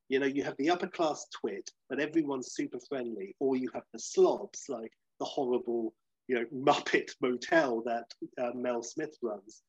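A husky-voiced man co-hosts a podcast, chatting casually about movies and animatedly voicing quotes in high, silly tones. The sound is dry and lo-fi.

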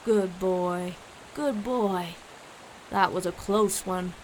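A woman voicing a kindly male hunter who owns hunting dogs, speaking low and calm in a storybook reading. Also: measured pace, a little hiss or hum, poor audio. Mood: soothing. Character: gruff kindly male hunter, dog owner.

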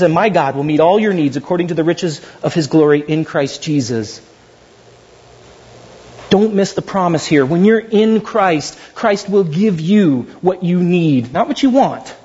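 Husky high-voiced man preaching. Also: muffled recording. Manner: animated, jokey preaching with acted-out asides. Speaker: pastor. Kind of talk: sermon.

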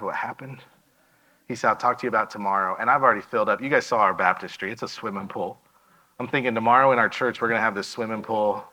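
A man's voice: lowish voice, pushed and bright, low-quality recording. A man giving a missionary presentation in a church, telling a story and acting out the dialogue of the people in it.

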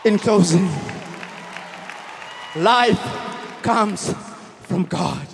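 Very high-voiced man preaching emphatically. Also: expressive, drawn-out words, creaky, faint music behind, some chatter behind. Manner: emphatic, repetitive preaching with shouted peaks. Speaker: pastor. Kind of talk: sermon. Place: outdoor stadium service.

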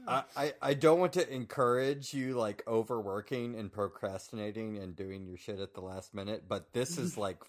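A man's voice: on the low side, moderate pace, hardly any pauses. A man co-hosting a podcast, chatting casually with repeated stammered restarts and casual swearing. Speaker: podcast co-host. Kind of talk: casual chat.

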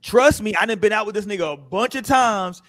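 A fairly quick, high-voiced American man hosts a casual panel podcast. He brings his stories to life by acting out many quotes.

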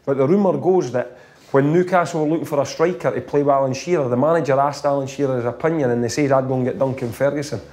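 A man with a Scottish accent, a former footballer telling animated stories in a casual chat, laughing often. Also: medium pitch, fast talker.

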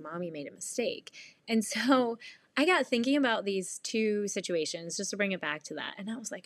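Earnest mom vlogger, lowish dry voice. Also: female voice, dry recording. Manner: earnest, rambling, candid, laughs often. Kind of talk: candid confessional vlog.

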